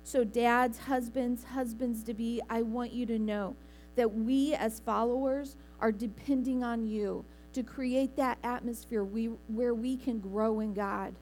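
A woman's voice: a little high, fairly even intonation, measured pace, a little mellow, a little hiss or hum. A woman preaching a Sunday sermon in a church, speaking earnestly and conversationally with small restarts. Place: church sanctuary.

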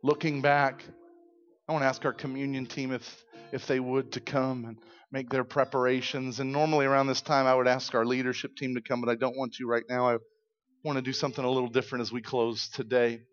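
A man preaching to his church in a middle-pitched voice, retelling scripture with lively, acted-out storytelling. The sound is slightly dull and muffled. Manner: animated storytelling, acting out voices. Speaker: pastor. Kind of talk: sermon.

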